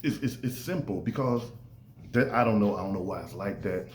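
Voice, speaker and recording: Animated man in an echoey room. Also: on the low side, fairly quick, a little hiss or hum. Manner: animated, acts out quoted voices. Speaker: podcast host. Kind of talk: casual podcast monologue. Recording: echoey room with faint ambience.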